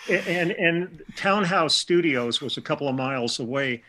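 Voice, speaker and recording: A man's voice: on the high side, lively intonation, normal speed, bright, forceful tone. An older man from Milwaukee, a session musician being interviewed, telling chatty stories with restarts and quoted dialogue. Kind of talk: casual storytelling interview.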